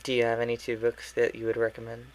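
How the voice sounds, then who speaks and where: A woman co-hosting a casual book club podcast, eagerly spinning theories and acting out quotes in a high squeal. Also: completely flat delivery, fast talker, creaky, darkish tone. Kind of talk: casual chat.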